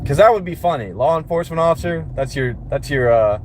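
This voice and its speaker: A man's voice: on the high side, lively intonation, quick pace. A man chatting casually to his livestream viewers from work, rambling and joking with plenty of profanity. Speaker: livestream host. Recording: loud vehicle and street noise. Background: vehicle noise.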